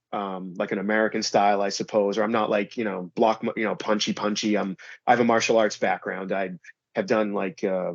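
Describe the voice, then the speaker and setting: A man's voice: lowish voice, no echo. Man, wrestler guest, casual rambling chat, lots of fillers, slightly muffled recording. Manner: rambling, heavy use of "like" and "you know". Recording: slightly dull, dry recording.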